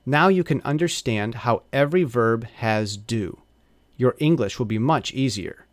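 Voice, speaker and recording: A man giving a scripted English grammar lesson, measured and deliberate, slowing down to stress example phrases. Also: medium pitch, no room sound. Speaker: English teacher.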